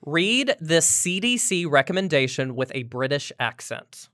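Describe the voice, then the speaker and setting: Bright, lively woman podcast host. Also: low voice, a little slow. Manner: playful, teasing questioner. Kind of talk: casual chat.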